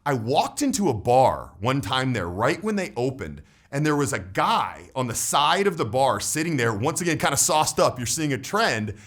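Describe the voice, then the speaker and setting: A man in his forties, a voice and status coach, talking through a coaching vlog in an animated way and tagging his points with "right?". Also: mid-range voice, normal speed, hardly any pauses.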